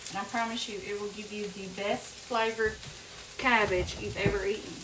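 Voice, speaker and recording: A woman with a mid-range voice, fairly even intonation, and a normal speaking speed hosts a casual cooking demonstration from her home kitchen, calling viewers "y'all." The background is noisy with sizzling and frying, and the distant mic adds echo.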